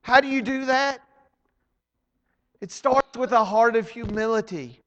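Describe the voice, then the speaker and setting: Preacher, man, middle-aged: slow, dramatic, drops to a hush then shouts; long church reverb. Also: very high-pitched, dull audio. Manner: swings from hushed to shouted, dramatic emphasis. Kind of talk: sermon. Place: church hall.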